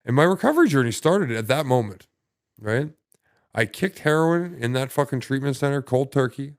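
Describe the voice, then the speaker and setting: A man telling his story as a podcast guest in casual conversation, halting and profane, full of restarts and fillers. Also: medium pitch, animated, no echo, studio quality.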